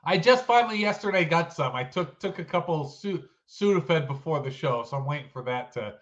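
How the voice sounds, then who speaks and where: A man's voice: on the high side, expressive, a little fast. A man co-hosting a casual chat show, sounding stuffy-nosed and nasal, rambling and self-deprecating. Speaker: podcast co-host. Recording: dull lo-fi sound.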